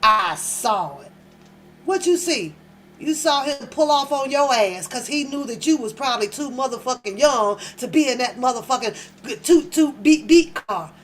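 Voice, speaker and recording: A woman's voice: sits high, animated, unhurried, faint music behind. A woman hosting a reaction channel, giving blunt, mocking, profane commentary and repeating phrases for emphasis.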